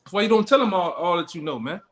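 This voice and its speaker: A man's voice: high-pitched, lively intonation, quick pace. A man leading a Bible study in blunt, profane street talk, tagging his lines with "man" and "all right?". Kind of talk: street-style scripture teaching.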